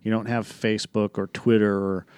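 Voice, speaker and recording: A man's voice: fairly low pitch, normal speed, clean tone, no room sound. A man hosting a movie review podcast in casual chat, rambling and profane as he tells stories. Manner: rambling, profane, animated storytelling. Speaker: podcast host.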